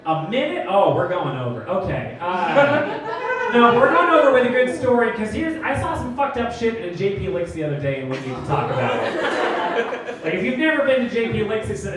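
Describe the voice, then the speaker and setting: A man's voice: sits high, normal speed, heavy background noise. A young man doing a stand-up comedy set, telling stories animatedly and acting out characters. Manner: animated storytelling, acts out characters. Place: comedy club stage before a laughing crowd. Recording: distant roomy club recording, crowd laughter.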